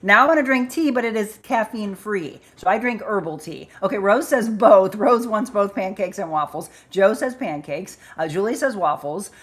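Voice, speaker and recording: She hosts a live chat show, cheerfully chatting as she reads out what viewers write and who they are. Her mid-range voice is animated, at a normal speed with hardly any pauses.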